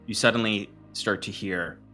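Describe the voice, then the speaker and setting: A man narrating and running a tabletop game as game master, in a relaxed, halting way. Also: lowish voice, soft background music.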